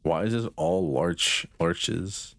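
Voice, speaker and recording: A young man with a very deep voice rambles to his chat as he plays, sarcastic and offhand, swearing now and then. The sound is dry and close. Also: slow pace, gravelly, fairly bright tone, no room sound. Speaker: streamer. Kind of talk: casual gameplay chat with chat.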